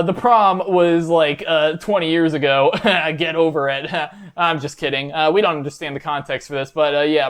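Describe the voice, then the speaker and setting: A man hosting a comedy reaction video, with a slightly high voice. He rambles in a mock-enthusiastic way, filling his pauses with uhs.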